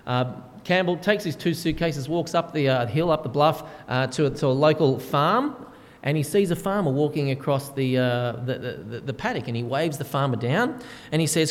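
A man's voice: medium pitch, fairly quick. Man preaching in a reverberant hall. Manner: conversational storytelling with frequent fillers. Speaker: pastor. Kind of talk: sermon.

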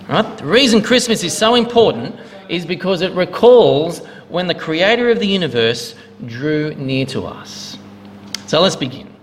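A man's voice: high-pitched, fairly bright tone, slight background noise. A male minister giving a sermon in a church, in a conversational preaching manner with a joke to open. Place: church hall. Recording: long hall reverb.

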